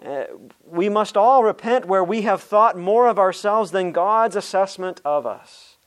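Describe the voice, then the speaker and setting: A man's voice: high-pitched, measured pace. A man preaching a sermon as a pastor, earnest and direct, calling his listeners friends. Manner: earnest, addresses listeners as friends, some restarts.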